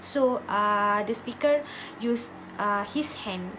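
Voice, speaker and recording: A woman's voice: mid-range voice, takes it slowly, pushed and bright, a little hiss or hum, poor audio. A woman giving a class presentation, hesitant, with many fillers and restarts. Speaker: student presenter.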